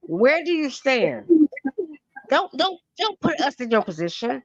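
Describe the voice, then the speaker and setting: Brief: woman, exasperated stream arguer, high gravelly voice, dull lo-fi audio. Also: sing-song, a little slow, fairly bright tone, dry recording. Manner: exasperated, swearing. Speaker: live stream participant. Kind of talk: heated argument on a live stream.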